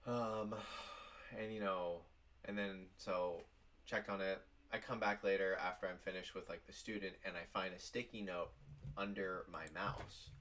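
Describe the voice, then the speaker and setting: A man's voice: low voice, flat delivery, a little slow, fairly bright tone. A man vlogging casually, telling a work story in a rambling way with lots of "like". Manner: rambling, heavy use of "like".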